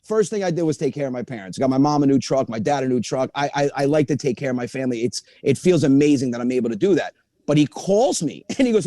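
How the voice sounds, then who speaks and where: A male comedian guest telling animated family stories in a studio interview. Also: mid-range voice, fast, no room sound. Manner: animated storyteller. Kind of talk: studio interview, comic storytelling.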